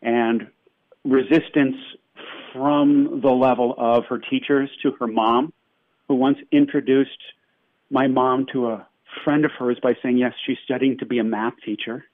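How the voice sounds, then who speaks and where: A man who grew up in New York chats as a guest on a tinny, phone-like line. His delivery is self-deprecating and halting, full of fillers and quick jokes, and the sound is dry with no room. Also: mid-range voice, fairly even intonation, no room sound. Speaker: actor guest. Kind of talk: casual interview chat.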